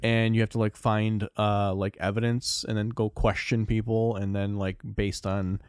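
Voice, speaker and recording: A man with a low voice who explains things in loose, filler-heavy rambles. His casual podcast talk is recorded up close in a dead, dry space. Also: little pitch movement, normal speed, a little mellow, clear, resonant tone, no echo. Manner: rambling, many fillers, swears. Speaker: podcast co-host. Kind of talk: casual chat.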